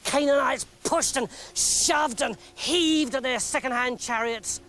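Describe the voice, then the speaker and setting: An English man telling a comic story in a lively, mock-dramatic narrating voice. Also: extremely high pitch, measured pace.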